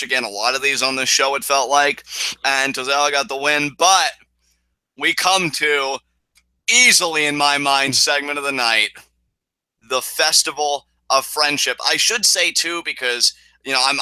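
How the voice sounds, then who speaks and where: A man co-hosting a casual wrestling review podcast, excitable and swearing as he recaps. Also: medium pitch, clean tone, no room sound, low-quality recording. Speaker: podcast co-host.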